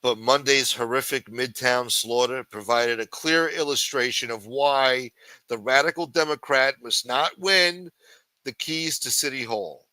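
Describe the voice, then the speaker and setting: Reading news stories aloud on his livestream, a man with a bright, forceful voice of medium pitch cuts in with sarcastic, crude, mocking asides full of swearing. The low-quality audio sounds close and dry, with no room around it.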